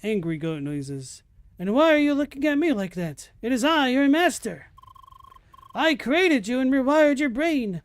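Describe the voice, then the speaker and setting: A streamer voicing a pompous slow-talking game villain. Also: high-pitched, expressive, voice pushed up. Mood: indignant. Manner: grandiose, slow and commanding. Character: pompous villain commanding goat soldiers. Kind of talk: reading game dialogue aloud in character.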